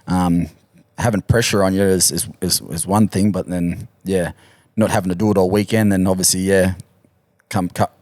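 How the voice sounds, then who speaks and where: Aussie footy player on a podcast, kinda low voice, dry close sound, easygoing and halting. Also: male voice, darkish tone, no echo. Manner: laid-back, halting, laughs easily. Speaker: podcast guest, rugby league player. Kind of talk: casual storytelling chat.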